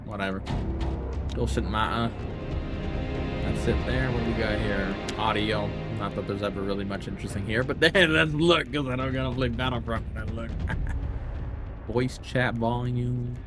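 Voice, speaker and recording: Over loud music, a young man streams a game live, chatting casually and swearing as he thinks aloud while scrolling through menus. His medium-pitched voice has fairly even intonation and a normal speed, and his talk is profane and rambling.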